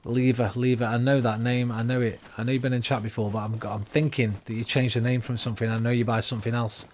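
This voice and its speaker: A man's voice: mid-range voice, level tone, fast, darkish tone, slight background noise. A tired man chatting and rambling casually to his viewers while streaming a game. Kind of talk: casual live-stream chat while gaming.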